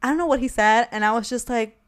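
A woman's voice: on the high side, quick pace. A young woman hosting a casual podcast alone, talking candidly with many fillers and frequent laughter. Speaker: podcast host. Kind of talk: casual solo podcast chat.

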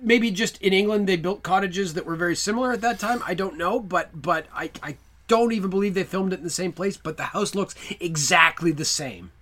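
A man's voice: high-pitched, a little fast, fairly bright tone. A man co-hosting a podcast, chatting casually, rambling and laughing often. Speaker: podcast co-host. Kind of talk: casual chat.

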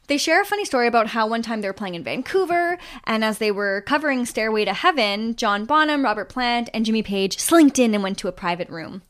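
A woman's voice: fairly high pitch, a little fast, few pauses. Woman telling a music story. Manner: animated storyteller, trailing off with fillers. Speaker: podcast host. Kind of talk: casual storytelling chat.

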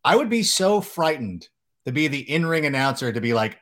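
A man hosting a casual podcast, telling jokey, animated stories and acting out quotes. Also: fairly high pitch, brisk. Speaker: podcast host.

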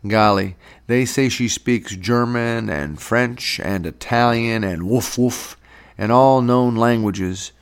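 A man's voice: mid-range voice, slow pace, clean tone. A man voicing a round, jolly young man who jeers and wisecracks as the class jester, in an audiobook reading. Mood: teasing. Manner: jeering, wisecracking. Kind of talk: audiobook character voice.

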